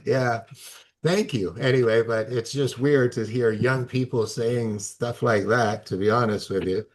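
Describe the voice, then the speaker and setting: A man's voice: mid-range voice, steady tone, a little slow. Man, group-call host, easygoing, laughs easily, casual.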